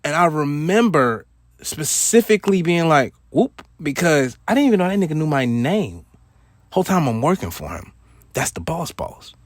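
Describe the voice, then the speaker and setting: A man's voice: on the high side, big pitch swings, moderate pace, no room sound. A man casually telling a personal story in loose street slang, peppered with "you know what I'm saying.". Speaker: storyteller host.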